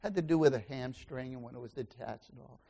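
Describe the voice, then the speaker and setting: A man preaching a sermon as pastor, asking the congregation questions and swinging between loud exclamations and quiet asides. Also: medium pitch, fast, vocal fry, husky.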